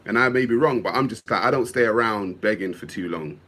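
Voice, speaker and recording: A man's voice: medium pitch, a little fast, hardly any pauses, a bit bright. A man, hosting a livestream and reading viewer comments aloud in a casual, musing way, often repeating himself.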